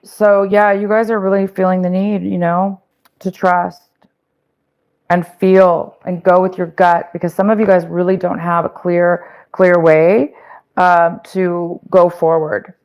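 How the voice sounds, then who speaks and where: A woman's voice: lowish voice, level tone, measured pace, clear, resonant tone, highs cut off. A woman giving a casual tarot reading, losing her voice, rambling with many fillers and restarts. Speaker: tarot reader.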